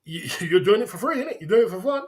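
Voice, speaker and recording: A man's voice: high-pitched, animated, fast. A man hosting a livestream, taunting and challenging his chat in a repetitive, mocking way with frequent laughs. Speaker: livestream host.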